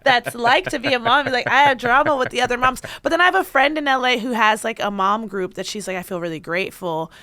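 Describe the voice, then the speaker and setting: A woman's voice: a little high, quick pace, hardly any pauses, no echo. A woman from Baltimore hosting a podcast, chatting casually, telling stories with frequent laughter. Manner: laughs often, animated storytelling. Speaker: podcast host. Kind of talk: casual chat.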